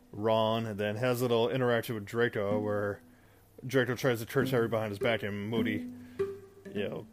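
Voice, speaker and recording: Rambling man recapping a film. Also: lowish voice. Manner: rambling, full of fillers and asides. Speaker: video host recapping a film. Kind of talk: casual spoken recap. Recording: guitar music playing behind.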